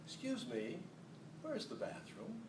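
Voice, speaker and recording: A man voicing his polite mother, who asks for directions abroad in loud, slow, over-enunciated English, heard from a distant mic in an echoey hall. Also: mid-range voice, noisy background, close to an everyday voice.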